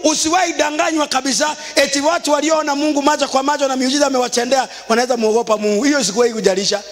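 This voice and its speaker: A Kenyan man preaching as a bishop, mixing Swahili with English and rising into shouted, sing-song passages. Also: very high-pitched, steady tone, racing, big-room sound, slight background noise. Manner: switches between Swahili and English. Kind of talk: sermon.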